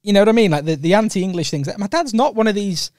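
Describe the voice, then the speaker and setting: A man's voice: high voice, expressive, fast, a little mellow, dry recording, studio quality. A young Welsh man co-hosting a podcast, telling rambling stories in a casual chat and laughing often. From Wales. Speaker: podcast co-host.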